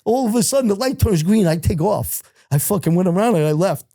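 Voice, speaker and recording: A middle-aged man, telling stories as an interview guest in an animated, profane way, laughing as he goes. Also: high-pitched, fairly quick, no room sound, clean studio sound. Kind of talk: casual storytelling.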